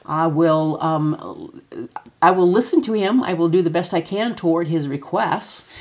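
A middle-aged woman with a deep, husky voice tells loose, chatty stories about parenting. She talks to an audience as she moves through photos, sometimes acting out her son's lines. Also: a little slow, darkish tone. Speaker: parent giving a talk. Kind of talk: casual spoken talk with photos.

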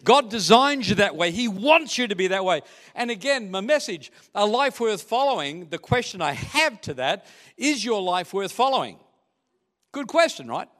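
A man's voice: sits high, big pitch swings, normal speed, a bit bright. A man preaching a sermon as pastor, chatty and joking with the congregation. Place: church hall. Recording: echoey church hall.

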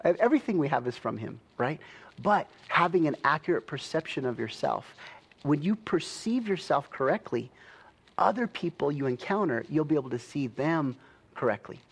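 A man's voice: mid-range voice, creaky, breathy edge. A young adult man preaching a sermon in a chatty, easygoing way, laughing often and checking in with "right?".

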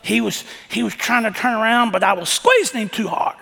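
A man's voice: high-pitched, fairly quick, creaky, few pauses, pushed and bright. A man preaching a sermon as pastor, with impassioned, folksy storytelling. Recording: echoey hall reverb.

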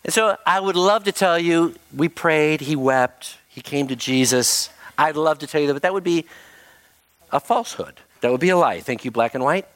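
A man's voice: fairly high pitch, moderate pace. A middle-aged man preaching as a pastor, telling a funny personal story with self-mocking asides before leading into prayer. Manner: animated, self-mocking anecdote with laughs. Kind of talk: storytelling sermon.

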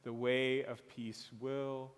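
A man pastor preaching a sermon slowly and earnestly, drawing out his phrases. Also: medium pitch, level tone, smooth. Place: church sanctuary. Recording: long reverb of a church hall.

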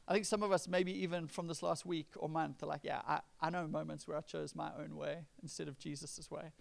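Gravelly-voiced man preaching conversationally. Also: fairly high pitch, brisk. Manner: conversational preaching, acts out quoted lines with rising emphasis. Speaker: pastor. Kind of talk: sermon.

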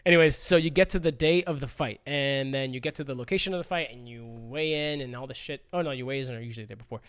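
A man on a casual podcast, swearing freely and telling stories with lively acted-out quotes. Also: mid-range voice, fast, clean tone, no echo. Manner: profane, animated storytelling with acted quotes. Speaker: podcast guest.

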